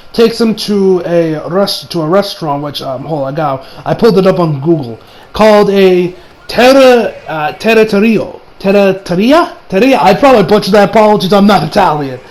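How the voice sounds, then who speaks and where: Here an anime reviewer, a young American man, goes over an episode with lots of rambling, swearing, fillers and restarts. His voice is high-pitched and a little mellow, and the recording quality is low.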